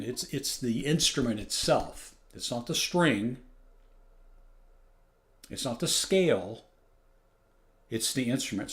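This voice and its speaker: A man of middle pitch talks through a ukulele review in a loose, unscripted way. He rambles, restarts his sentences and gets keen about what he hears. Ukulele plucking sounds behind him. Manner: rambling, self-correcting, enthusiastic. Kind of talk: casual spoken product review. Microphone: external phone microphone.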